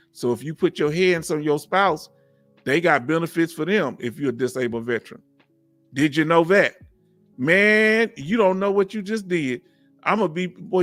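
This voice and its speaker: A man's voice: on the high side, a bit bright. A man from Houston with a Southern Texas accent, hosting a casual live stream and joking with his viewers, laughing often. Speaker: veteran livestream host.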